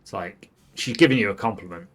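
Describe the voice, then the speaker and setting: A man's voice: lowish voice, fast, fairly bright tone. A man streaming a video game live, chatting wryly and talking back to the characters on screen. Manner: chatty, wry, talks to the screen. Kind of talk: live gameplay commentary.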